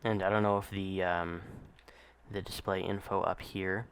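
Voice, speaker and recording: A man casually narrating a gameplay walkthrough in a relaxed, explanatory way, with frequent ums and uhs. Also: low voice, normal speed, smooth.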